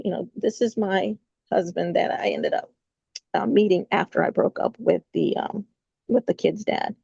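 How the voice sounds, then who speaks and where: A woman with a mellow, raspy voice, talking as a podcast guest. She tells her story haltingly, full of fillers and restarts. The recording is dry and slightly lo-fi. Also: mid-range voice, no echo. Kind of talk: personal storytelling in an interview.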